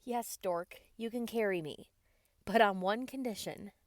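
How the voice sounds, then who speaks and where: A woman voicing a shy, playfully teasing young woman in a whispered role-play, bright and eager. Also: mid-range voice, a little slow, dry recording, clean studio sound, lightly acted.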